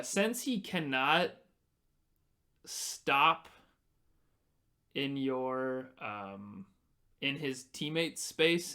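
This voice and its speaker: A man's voice: on the high side, pushed and bright. A man running a tabletop game as game master, narrating the action and explaining the rules as he goes.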